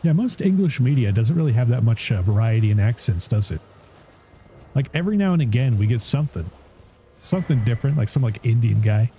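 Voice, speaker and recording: Man, very dark mellow voice, rambling casual game stream chat, faint background hiss. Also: mid-range voice, expressive, brisk. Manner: rambling, laughs often, swears, puts on joke voices. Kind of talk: casual live gameplay chat.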